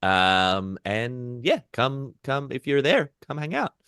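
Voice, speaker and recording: A man playing in the game who chats casually, hesitant with many ums and quick laughs. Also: medium pitch, sing-song, bright, forceful tone, clear, resonant tone, no echo, clean studio sound. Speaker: player and content creator. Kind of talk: casual chat.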